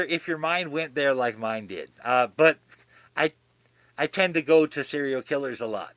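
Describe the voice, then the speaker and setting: A man's voice: a little high, sharp tone, no room sound. A man co-hosting a podcast in casual chat, rambling with many restarts and freely swearing. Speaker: podcast co-host.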